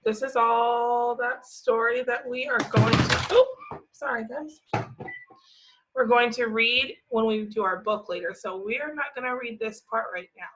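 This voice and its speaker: A woman teaching a remote phonics lesson to young children, stretching out each word slowly as she sounds it. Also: fairly high pitch, background noise. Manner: slow, drawn-out sounding of words. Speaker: preschool teacher. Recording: slightly dull lo-fi audio.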